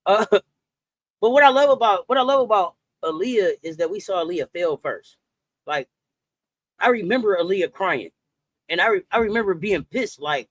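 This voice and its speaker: A man hosting a casual livestream sports chat, animated and slangy, greeting viewers and reading their comments aloud. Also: sits high, normal speed, long pauses, no room sound. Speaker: sports talk host.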